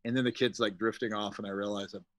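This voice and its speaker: A man's voice: lowish voice, fairly even intonation, quick pace, fairly bright tone, rough recording. Middle-aged man, podcast guest, loose jokey rambler who curses freely. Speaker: guest, special effects artist. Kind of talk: casual podcast interview.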